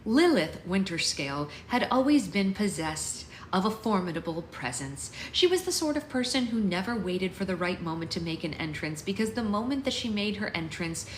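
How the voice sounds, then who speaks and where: A woman's voice: medium pitch, big pitch swings, moderate pace, few pauses, roomy sound, a little hiss or hum. A woman hosting a book club, reading a novel aloud and chatting casually with listeners between passages. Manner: chatty, laughs at the text, asides to listeners. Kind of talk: casual read-aloud with chat.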